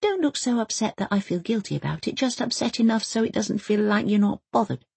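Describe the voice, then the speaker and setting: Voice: mid-range voice, animated, fairly quick, vocal fry, a little mellow, slightly rough, dry recording, voice pushed up, full character voice. An audiobook narrator voicing a spirited, stubborn young girl who keeps asking pointed questions. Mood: probing. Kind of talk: audiobook character voice.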